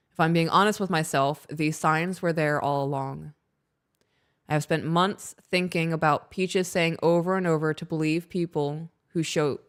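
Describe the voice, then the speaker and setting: Low-voiced woman reading listener emails. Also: smooth. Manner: playful, teasing banter between steady reading. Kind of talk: reading listener emails aloud on a live podcast.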